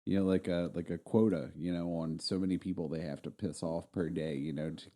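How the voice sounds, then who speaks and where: Brief: low-voiced podcast co-host man, relaxed and meandering, uses "like" and "you know" a lot. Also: brisk. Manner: laid-back, rambling, with frequent fillers. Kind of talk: casual chat.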